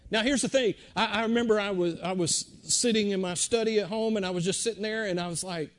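A middle-aged man preaching a sermon in a conversational way, repeating words and swinging between loud and hushed. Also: high voice, fast.

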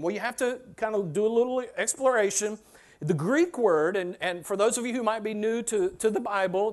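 A man with a high voice delivers a sermon in a church sanctuary. He keeps it conversational and repeats his key phrases for emphasis. He slips into everyday voices to act out what people say. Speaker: pastor.

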